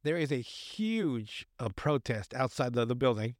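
A man's voice: medium pitch, big pitch swings, measured pace, no echo, studio quality. A man casually recapping a film on a podcast, rambling, swearing often and acting out the characters' lines. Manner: rambling, profane, acts out quotes. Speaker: podcast co-host.

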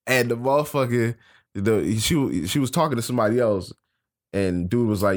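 A man's voice: mid-range voice, normal speed. A man co-hosting a podcast in casual chat, telling stories with lots of cursing and laughter. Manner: animated storytelling, cursing and laughing. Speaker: podcast co-host.

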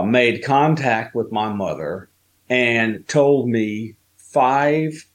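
Man telling a personal story, halting. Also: medium pitch. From Southern United States. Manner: slow, halting storytelling with fillers. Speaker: guest.

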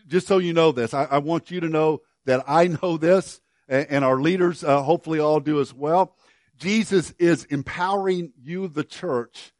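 A man's voice: on the high side, darkish tone, no echo, clean studio sound. An older man preaching a sermon as pastor, telling a folksy story with many restarts and repeated words.

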